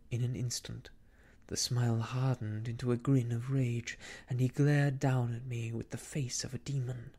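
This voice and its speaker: A man reading a classic tale aloud in soft, hushed, whispered ASMR storytelling. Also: mid-range voice.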